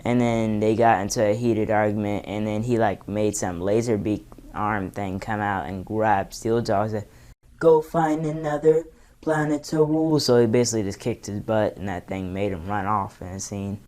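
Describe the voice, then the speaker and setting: A man's voice: on the low side, flat delivery, normal speed, few pauses, darkish tone. A man casually recapping movie scenes, rambling with many fillers. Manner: loose, filler-heavy storytelling. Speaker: impressions vlogger.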